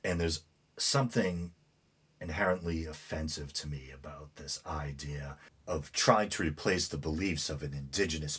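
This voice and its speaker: A man's voice: rumbling low, fairly bright tone, husky. A man hosting a podcast, talking through news stories in a rambling, opinionated monologue with many fillers. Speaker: podcast host. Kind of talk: casual monologue commentary.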